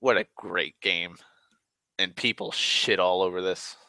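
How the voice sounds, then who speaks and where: A man's voice: low-pitched, fairly even intonation, a little slow, pushed and bright, no echo. A man rambling in a casual, profane monologue, ranting and complaining at length. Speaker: vlogger.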